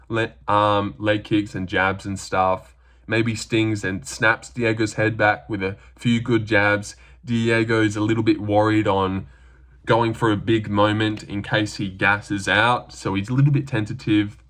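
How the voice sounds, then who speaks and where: Rambling Australian guy predicting fights. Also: on the low side. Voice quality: rambling, lots of "like" fillers. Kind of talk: casual fight prediction commentary.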